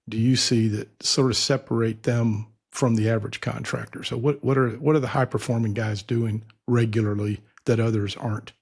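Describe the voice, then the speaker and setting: A man's voice: medium pitch, gravelly, breathy edge. A man hosting an interview, agreeing with his guest and asking open questions. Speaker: interview host. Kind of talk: casual interview talk.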